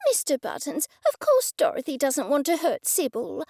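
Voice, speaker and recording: A woman doing a high, excitable dramatic friend. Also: moderate pace, no room sound, clean studio sound, heavily acted. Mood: earnest. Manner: breathless, high-strung.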